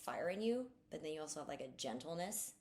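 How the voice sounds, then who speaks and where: A woman's voice: low-pitched, lively intonation, fast, a little mellow. A woman co-hosting a podcast in casual chat, blunt and profane, with fired-up talk. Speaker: podcast co-host.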